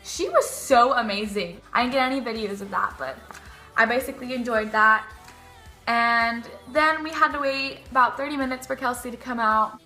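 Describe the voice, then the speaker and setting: A teenage girl, excitedly telling a story in her vlog, gushing and full of "like". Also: on the high side, normal speed, roomy sound, soft background music. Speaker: vlogger.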